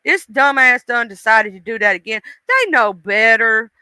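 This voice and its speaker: A woman's voice: a little high, lively intonation, moderate pace, bright, forceful tone, smooth, no room sound. A woman voicing God as a weary, exasperated elder who sighs and drawls his complaints.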